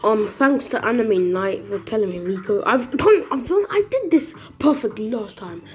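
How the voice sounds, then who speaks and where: A woman's voice: fairly high pitch, animated, normal speed. A woman casually telling her own fan story, rambling and swearing as she goes. She keeps breaking off to restart her sentences. Faint music plays under her voice. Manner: profane, rambling, self-interrupting.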